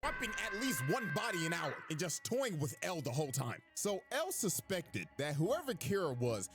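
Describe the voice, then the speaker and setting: A man rattles through a profane comedy recap with a lively, bouncing delivery and a slightly high voice. He slips into character voices constantly and keeps the slang loose. Music plays under him throughout. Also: normal speed. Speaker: narrator of comedic anime recap.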